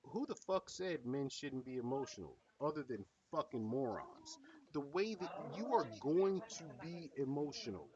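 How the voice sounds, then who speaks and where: A man's voice: mid-range voice, very animated, moderate pace, a little mellow. Guy ranting on a reaction stream, swears a lot, kinda muffled and far off the mic. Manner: blunt, swearing, lecturing. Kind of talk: profane reaction commentary.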